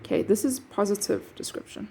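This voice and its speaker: A woman's voice: mid-range voice, animated, brisk, vocal fry, mellow, husky. A woman teacher explaining a poem line by line, checking in with her students with a frequent "okay". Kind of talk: poetry lesson explanation.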